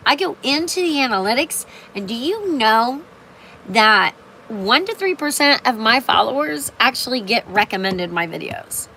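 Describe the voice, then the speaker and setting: A woman's voice: fairly high pitch, sharp tone, a little hiss or hum, low-quality recording. An older woman talking on a casual livestream in a rambling way, with many fillers and restarts. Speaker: live streamer.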